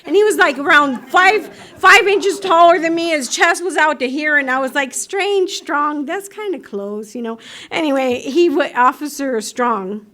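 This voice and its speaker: A woman speaking at a recovery meeting, telling her story in a lively way, acting out voices and laughing often. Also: high-pitched, moderate pace. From United States. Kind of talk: personal recovery talk. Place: meeting room.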